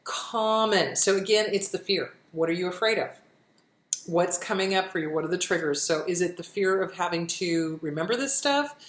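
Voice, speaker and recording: A middle-aged woman giving self-help advice in a casual, gentle, reassuring way, often repeating her phrases and answering questions frankly. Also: on the low side, normal speed. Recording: roomy echo.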